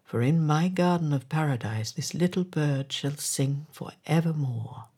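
A woman voicing a solemn, calm male God in a measured storybook reading. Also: deep voice, breathy edge, full character voice.

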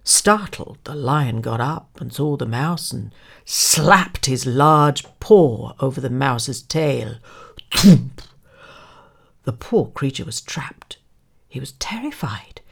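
A woman narrating a children's fable in a dramatic, expressive way, sometimes dropping to a hush. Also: low-pitched, slow, creaky, slightly rough. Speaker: storyteller.

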